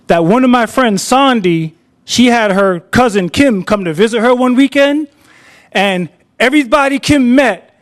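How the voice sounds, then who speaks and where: High-voiced man telling a story. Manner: conversational, acts out quoted dialogue. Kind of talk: live personal storytelling. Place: theater stage.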